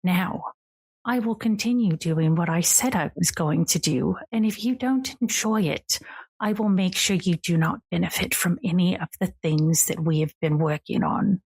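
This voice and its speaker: A woman's voice: on the low side, normal speed, a little mellow, husky. A woman voicing a proud, ancient male earth deity who speaks in a stern, grave way. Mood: threatening.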